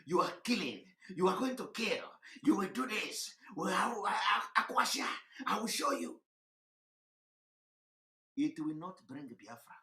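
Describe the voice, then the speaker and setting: A man lectures his listeners in an impassioned livestream, repeating phrases and firing rhetorical questions. His voice is forceful and bright, sometimes rising to a shout and then dropping low. The sound carries a roomy echo. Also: sing-song, a little slow. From Nigeria. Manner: preachy, repetitive, rhetorical questions, swings between shouting and low tones. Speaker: online broadcaster.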